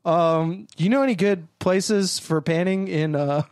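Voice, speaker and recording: A man's voice: sits high, a little mellow, clean tone, no room sound, studio quality. A man with a Southern American accent, co-hosting a podcast, telling stories in casual chat and laughing often. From South Carolina, USA. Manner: laughs often, quick joking storytelling. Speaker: podcast co-host.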